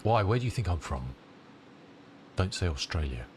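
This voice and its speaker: A middle-aged flight-sim streamer from southern England speaks in a low, sing-song voice at a moderate pace, with slight background noise. Congested from a cold, he chats casually on a live stream, rambling as he answers viewers.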